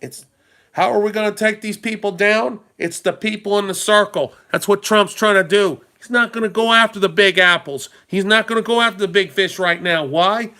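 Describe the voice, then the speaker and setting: Talking directly and informally to his audience, this male vlogger riffs on politics in a loose, rambling talking-head style. He's emphatic, firing rhetorical questions at viewers in a high-pitched voice that sounds pushed, bright, clear and resonant.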